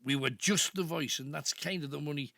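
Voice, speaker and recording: An older radio host with a Geordie accent, talking in a gravelly, bright and fairly high voice. He rambles through anecdotes into a dry, close studio mic. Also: a little fast, dry recording. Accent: Northeast English (Geordie). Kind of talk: late-night phone-in chat. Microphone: studio microphone.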